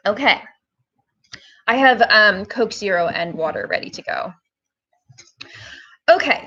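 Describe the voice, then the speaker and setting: A woman's voice: fairly high pitch, a bit bright, lo-fi sound. A woman hosting a casual live-stream hair tutorial, chatting to her viewers with lots of fillers. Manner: chatty, filler-heavy, talks to viewers as "guys".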